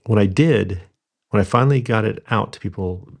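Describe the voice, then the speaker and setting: A middle-aged man, a podcast guest, telling stories from his business in a halting way with many fillers and restarts. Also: lowish voice, creaky, darkish tone. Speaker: podcast guest, rental company founder. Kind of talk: conversational storytelling interview.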